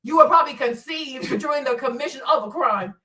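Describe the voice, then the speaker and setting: A high-voiced woman from Africa hosts a livestream rant, mocking and taunting, often breaking into laughter. Her voice sits a little back from the mic. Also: a little fast, pushed and bright, recorded from a distance. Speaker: livestream host.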